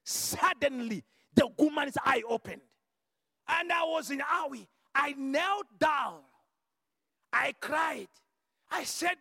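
A man preaching a sermon and telling a healing testimony, shifting from quiet asides to fervent shouted declarations and repeating words as he restarts a phrase. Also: extremely high pitch, animated, takes it slowly, vocal fry, long pauses, dry recording, big-room sound. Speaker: visiting preacher.

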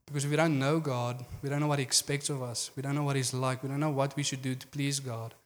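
A man's voice: mid-range voice, level tone, quick pace, long reverb tail. A man preaching a sermon in an earnest manner, often saying "you know".

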